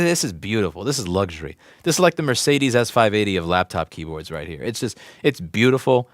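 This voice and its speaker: Man, 30s, repair-shop streamer; loose ranting delivery, swears, big swings between loud and mumbled, dry close sound. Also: fairly low pitch, no echo. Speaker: livestream host, repair technician. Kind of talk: casual livestream rant.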